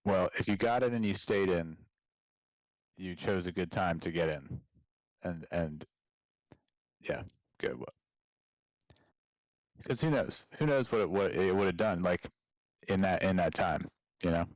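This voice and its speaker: A man in a casual chat, speaking in a calm, reassuring way. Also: sits low, a little slow, pauses often, no echo, rough recording.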